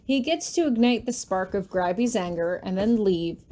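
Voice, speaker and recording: A woman reading a fan-written story aloud in the first person, steady and even with quiet tension. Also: mid-range voice, moderate pace. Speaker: fanfiction reader. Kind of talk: first-person audiobook narration.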